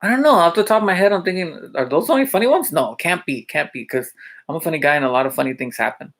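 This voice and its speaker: A man with a gravelly, fry-edged voice who chats to the camera about his days as a teacher. He keeps asking his audience questions, fills gaps with little asides, and keeps breaking into laughter while he tells his stories. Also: fairly high pitch, expressive, fast, fairly bright tone. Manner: chatty, with many fillers and check-ins to viewers. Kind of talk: casual storytelling vlog.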